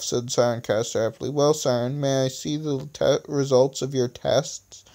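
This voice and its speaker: A man reads his own story aloud into a phone, his voice smooth and clean and sitting at a middle pitch. He often trips over words and starts again, and he breaks off for self-mocking asides. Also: little pitch movement, normal speed, few pauses, a little mellow. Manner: self-deprecating, stumbles and restarts often. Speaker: reader of his own stories. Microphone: phone screen recorder.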